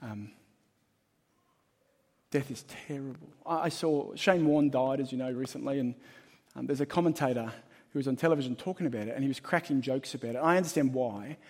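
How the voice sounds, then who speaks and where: A man preaching a sermon as pastor, emphatic and shifting between loud and hushed. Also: mid-range voice, fast. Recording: long hall reverb.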